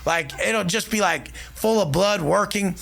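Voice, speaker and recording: Brash, swearing man with a gravelly voice. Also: high voice, unhurried, fairly bright tone, soft background music. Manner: brash, profane, swaggering. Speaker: podcast guest. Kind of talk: boastful casual talk.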